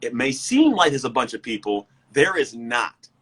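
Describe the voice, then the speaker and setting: A man who is a motivational speaker and coach, talking in an energetic, emphatic way and often repeating words. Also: mid-range voice, normal speed, breathy edge, rough recording. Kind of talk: casual motivational talk. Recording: livestream guest.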